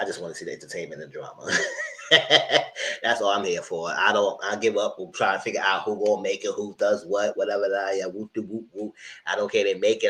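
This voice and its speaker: A man giving casual, animated commentary on reality TV, voice only, speaking straight to his viewers in slangy talk. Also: lowish voice, low-quality recording. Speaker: TV review host. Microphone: voice only, no camera.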